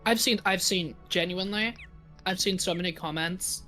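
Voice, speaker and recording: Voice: mid-range voice, moderate pace, pushed and bright, faint music behind. A guest on a live stream, chatting casually and often repeating the starts of phrases.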